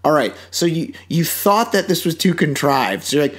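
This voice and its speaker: A man's voice: fairly high pitch, animated, a little fast. A man co-hosting a podcast, reviewing a movie in casual chat, sarcastic and swearing as he acts out mocking quotes. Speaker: podcast co-host.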